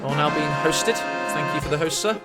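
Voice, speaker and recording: A man's voice: fairly high pitch, fairly quick, over loud music. A man casting a strategy-game match on a live stream, chatty and rambling with self-mocking asides. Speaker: esports caster.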